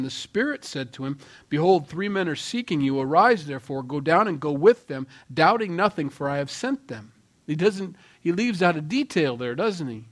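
A man preaching a sermon with a mid-range voice. He talks in a relaxed, conversational way and acts out quoted voices, swinging between loud and hushed. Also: mid-range voice. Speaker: pastor.

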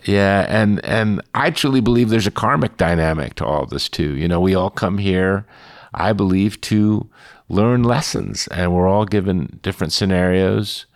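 A man's voice: sits low, normal speed. A man hosting a casual conversation in a wry, thoughtful way. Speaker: podcast host.

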